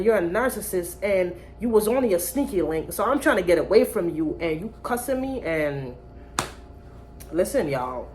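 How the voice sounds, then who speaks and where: A woman vlogger telling a casual storytime, blunt, profane and animated. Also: mid-range voice.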